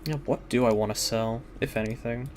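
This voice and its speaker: Young male streamer, loose meandering gaming chat, casual profanity, mid-pitched voice. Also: steady tone, brisk, faint music behind. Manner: rambling, filler-heavy, swears casually.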